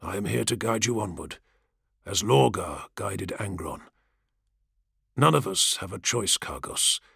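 A man reading the part of a grave, earnest male warrior-priest, speaking low, soothing and solemn, in an audiobook. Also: lively intonation, unhurried, gravelly, a bit bright, husky, dry recording, studio quality, exaggerated voice.

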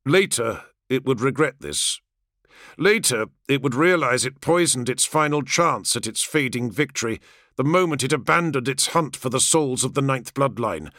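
A man reading scripted audiobook narration in a measured, dramatic storytelling manner. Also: on the high side, bright, forceful tone, dry recording, studio quality.

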